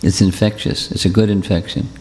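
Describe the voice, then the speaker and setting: A man giving a devotional talk and answering questions, speaking in a gentle, repetitive, reassuring way. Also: deep voice, little pitch movement, fairly quick, a little hiss or hum. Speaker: spiritual teacher. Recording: long hall reverb.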